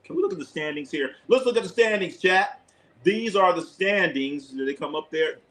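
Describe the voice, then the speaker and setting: A man's voice: sits high, sing-song, moderate pace, a bit bright, rough recording. A man hosting a live basketball stream, calling plays and giving strong, profane opinions to his chat, often repeating himself. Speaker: live sports commentator, channel host. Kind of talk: casual live game commentary to a chat.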